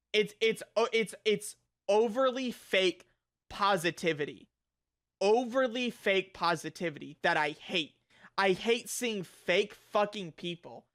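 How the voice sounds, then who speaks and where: A young man streaming a reaction video, ranting with lots of swearing and frequent shouting. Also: sits high. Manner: loud, profane, frequently shouting.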